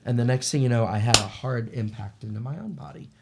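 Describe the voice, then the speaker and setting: A middle-aged man, telling a personal story in a casual, animated way. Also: mid-range voice, quick pace, very noisy. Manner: animated, acts out the voices of people in his stories. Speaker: shaman sharing paranormal stories.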